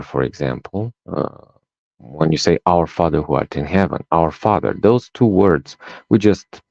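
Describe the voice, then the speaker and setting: A deep-voiced Romanian man, whose first language is Romanian, appears as a life coach guest on a podcast interview, telling personal stories. He is an animated storyteller who acts out dialogue and ends lines with "right?". The recording sounds dull and dry, with no echo.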